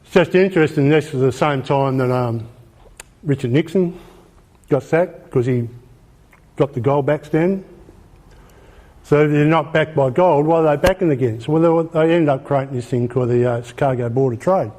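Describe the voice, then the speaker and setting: An Australian man gives an informal talk with a fairly high-pitched voice. He presses his points hard, repeats himself and fires off rhetorical questions. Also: normal speed, darkish tone. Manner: emphatic, repeats phrases, asks rhetorical questions. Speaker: speaker. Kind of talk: informal presentation.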